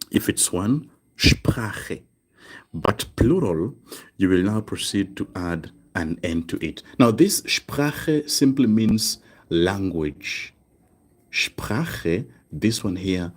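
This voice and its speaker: Brief: male language tutor, lowish husky voice, unhurried and repetitive teaching delivery. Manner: slow, repetitive explaining with frequent "right?" checks. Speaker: German teacher. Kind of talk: live online language lesson.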